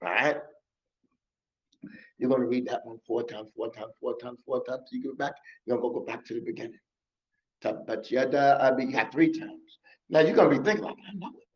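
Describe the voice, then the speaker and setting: A man's voice: medium pitch, steady tone, normal speed, pauses often. A man giving a mosque lesson on memorizing scripture, coaching and repeating himself, slipping in Arabic words. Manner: repetitive, coaching, drops in Arabic words and recitation. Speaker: Quran teacher. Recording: muffled lo-fi recording.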